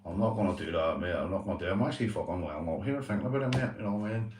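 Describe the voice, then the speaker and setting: A man's voice: low voice, racing, darkish tone, reverberant, distant mic, a little hiss or hum. A man hosting a casual livestream chat, talking earnestly and repetitively, swearing and calling his viewers "mate". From Northern Ireland. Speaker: livestream host.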